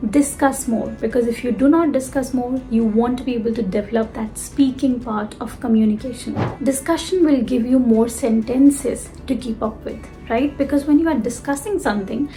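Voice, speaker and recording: Lively woman coaching spoken English. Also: fairly high pitch, moderate pace, hardly any pauses, faint music behind. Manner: lively, emphatic, addresses the viewer directly. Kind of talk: direct-to-camera lesson.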